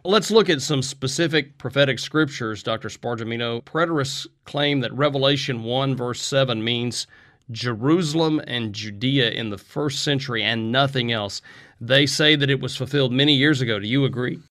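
A man hosting an interview, asking measured, leading questions. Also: mid-range voice, fairly bright tone. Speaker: interview host.

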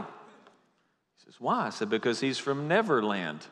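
Preacher in a reverberant sanctuary. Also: male voice, fairly high pitch, very animated, sharp tone. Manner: jokey opening, then slow emphatic repetition. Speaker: pastor. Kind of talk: sermon. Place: church sanctuary. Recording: long hall reverb.

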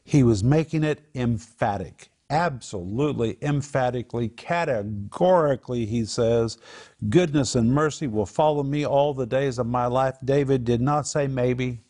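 Male Bible-teaching host, husky, earnest and emphatic, mid-range pitch. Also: moderate pace, darkish tone. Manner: earnest, emphatic, builds to raised exhortation.

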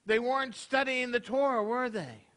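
A man's voice: extremely high pitch, normal speed, fairly bright tone. A man, a rabbi preaching a casual, conversational sermon to his congregation, tossing out rhetorical questions. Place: congregation hall.

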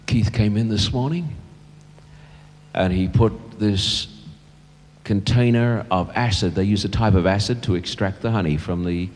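An older male pastor preaches in a very low voice, telling a story with earnest feeling. He softens and slows at the heavy moments. His voice rings out with the long reverb of a church hall. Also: slight background noise. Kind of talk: sermon storytelling.

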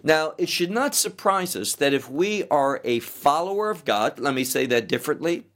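A middle-aged male pastor teaching an expository sermon verse by verse, in a measured, deliberate way. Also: fairly high pitch, lively intonation, fairly bright tone.

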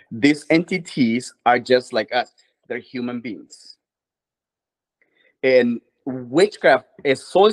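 A man's voice: mid-range voice, low-quality recording. A man appearing as a guest minister, answering interview questions earnestly.

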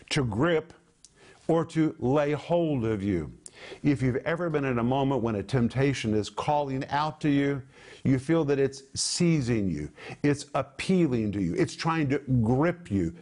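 A man preaching a sermon, emphatically explaining Greek words, slowing down and leaning on key words for stress. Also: mid-range voice, darkish tone. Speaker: Bible teacher. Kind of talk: televised sermon.

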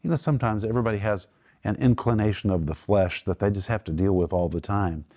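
A man's voice: on the low side, fast, dark tone. A man teaching a sermon on a Christian broadcast, earnest and emphatic as he prays and explains Greek words. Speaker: Bible teacher and TV preacher.

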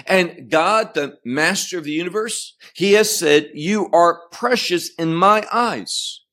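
A man's voice: high-pitched, slow pace, a bit bright. A man teaching verse by verse through scripture, stressing key phrases and repeating them as he explains. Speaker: Bible teacher. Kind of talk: expository Bible teaching.

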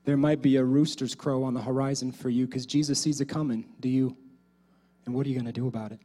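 A male pastor delivering a sermon, speaking directly to the congregation and swinging between loud exhortation and quiet asides. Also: mid-range voice, steady tone, fast.

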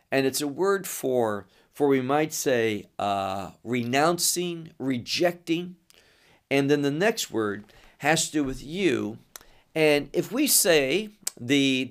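A man leading a verse-by-verse Bible teaching, talking slowly and deliberately. He lays out each phrase with pauses, in a plain mid-range voice. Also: mid-range voice, creaky. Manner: measured, explanatory, pausing between phrases.

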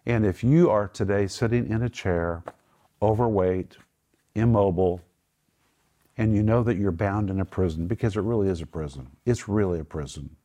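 This middle-aged host of a Bible teaching group has a fairly low, mellow voice and a moderate pace. He explains word meanings with patience, preaches with earnest emphasis, and moves on into praying out loud.

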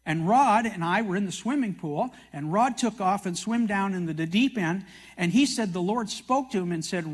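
An older man from Canada tells his testimony as a sermon, with a high voice. His manner is folksy and self-mocking. He mixes in acted quotes from other people. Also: expressive, normal speed, slightly rough. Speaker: TV prophecy teacher speaking at a meeting.

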